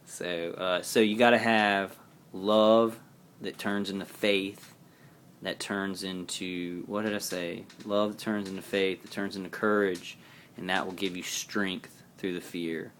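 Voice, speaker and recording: A man with a very low voice talks straight to his viewers in a personal video diary. His delivery is rambling and halting, but earnest throughout. A faint background hiss sits under the recording. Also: steady tone, fairly bright tone. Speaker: vlogger.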